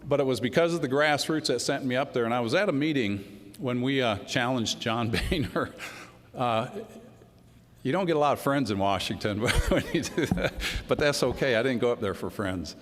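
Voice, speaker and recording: A man's voice: mid-range voice, lively intonation, moderate pace. A man with a drawl gives a political speech at a tribute event. He talks in a folksy, storytelling way and acts out the exchanges he is describing. His voice carries a long reverb from a large hall. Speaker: congressman giving a speech.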